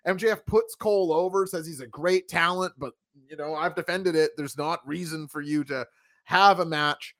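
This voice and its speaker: A man hosting a wrestling review show in casual chat, animated and emphatic. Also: a little high, moderate pace, dry recording, studio quality. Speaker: podcast host reviewing wrestling.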